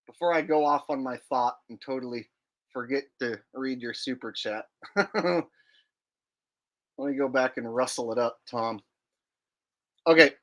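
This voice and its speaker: A man's voice: mid-range voice, measured pace, long pauses. A man hosting a livestream, reading viewers' super chats in a casual, joking way with some swearing. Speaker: livestream host.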